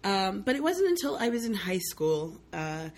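Telling stories as a guest in a casual conversation, a young Southern US woman speaks at medium pitch and a moderate pace. She brings the tales to life by acting out characters' voices, often laughing along.

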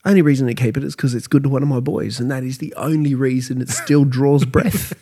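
A middle-aged Australian man co-hosting a casual podcast, telling animated stories with frequent laughter and coarse language. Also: medium pitch, brisk, husky. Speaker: podcast co-host. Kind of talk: casual chat.

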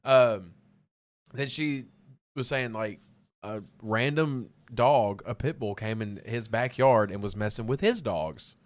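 A man's voice: on the low side, slow. A man, a podcast guest telling a story in a rambling, casual way, full of fillers and laughter. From Arkansas. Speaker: podcast guest, band vocalist.

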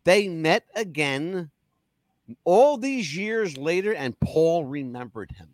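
Animated swearing male chat show host. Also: on the high side, slow, dry recording, clean studio sound. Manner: animated storyteller, swears freely. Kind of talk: casual chat show talk.

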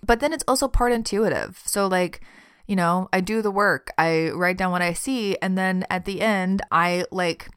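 Woman, podcast host, tarot reader, casual monologue, chatty, laughs a lot, fairly low smooth voice. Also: normal speed. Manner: chatty and warm-hearted, laughs often, says "y'all".

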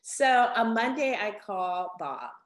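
An older woman, a guest in an interview, telling a story with lively acted-out quotes. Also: medium pitch, takes it slowly. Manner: animated, acts out quotes. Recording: echoey room.

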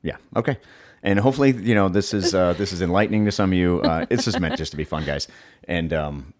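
A man's voice: sits low, fast. A man co-hosting a gym podcast in casual chat, rambling with many ums and restarts. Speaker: podcast co-host, gym owner.

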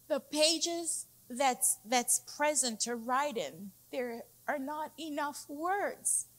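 An executive pastor, a woman with a slightly high, fairly bright voice, preaches emphatically, repeating key phrases and calling her congregation "y'all."

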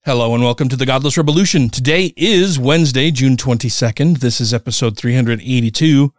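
A middle-aged man talks as a podcast host in a relaxed, joking way, swearing freely and laughing often. His voice is smooth and resonant at an ordinary pitch. The sound is dry and close. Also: fairly quick, no room sound. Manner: laid-back, laughs often, swears casually. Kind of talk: casual podcast chat.

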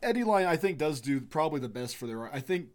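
A man co-hosting a podcast in casual chat, relaxed and telling crude jokes with laughing asides. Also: on the high side, fast. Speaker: podcast co-host.

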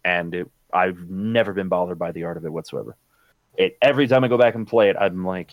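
A man's voice: sits low, fairly quick, dry recording. A man co-hosting a casual podcast about retro games, talking enthusiastically and rambling with fillers. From United States. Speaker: podcast co-host. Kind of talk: casual chat.

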